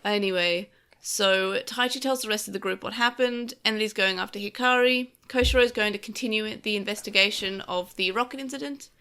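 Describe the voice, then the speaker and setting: A woman's voice: mid-range voice, a little fast, bright, forceful tone, clear, resonant tone. A woman co-hosting a casual podcast, rambling through stories with lots of fillers, recovering on painkillers after a car crash. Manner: rambling, filler-heavy storytelling. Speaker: podcast co-host.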